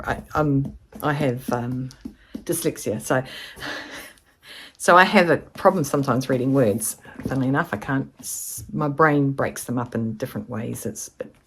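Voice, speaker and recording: A woman's voice: extremely low pitch, measured pace, long pauses, fairly bright tone, a little hiss or hum. A woman, chatting casually to camera in a rambling, storytelling way. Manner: chatty, rambling, acts out quoted voices. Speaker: vlogger.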